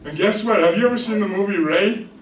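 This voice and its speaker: A man's voice: high-pitched, fast, far from the mic. A male pastor preaching a chatty storytelling sermon, often checking in with his listeners. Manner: chatty, keeps asking "you with me?". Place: church sanctuary with congregation. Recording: echoey church heard from afar. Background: congregation answering amen.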